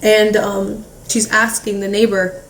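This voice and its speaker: A woman recounting a painful family event in halting speech, with many fillers, acting out what relatives said. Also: medium pitch, level tone. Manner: halting, heavy filler "like", re-enacts relatives' words. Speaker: family member recounting a loss. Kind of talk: emotional personal storytelling. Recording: echoey room, distant mic, faint hiss.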